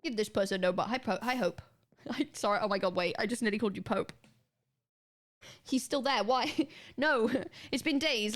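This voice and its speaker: A young woman streaming, chatting casually with viewers in a rambling way, her throat a little sore. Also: a little high. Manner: rambling, restarts sentences, quick laughs.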